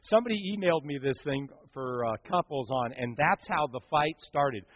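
A middle-aged man preaching a sermon, reading jokes aloud with animated, playful delivery. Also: mid-range voice, normal speed, no room sound, lo-fi sound. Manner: jokey, animated storytelling with punchlines. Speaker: pastor. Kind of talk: sermon with humor.

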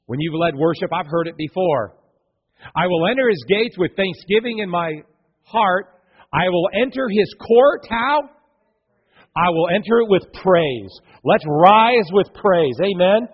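A male pastor with a high, lively voice that swoops up and down, a little husky. He preaches a sermon and acts out the voices of people in his stories. The sound is dull and lo-fi, with a long church-hall reverb. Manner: animated preacher acting out voices of townsfolk. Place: church sanctuary.

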